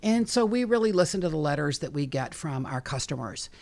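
A woman talks through her work as a guest in a casual interview. Her voice has a gravelly, fry-tinged edge. She is chatty and animated, jumping between asides and fillers. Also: low voice, fairly quick. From Chicago, USA. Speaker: guest, bug repellent maker.

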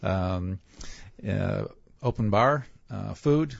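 A man in his sixties, a charity event organizer on a radio show, speaking haltingly with many fillers. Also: lowish voice, creaky, no room sound. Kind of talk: casual radio interview. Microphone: studio microphone. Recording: slightly muffled dry studio sound.

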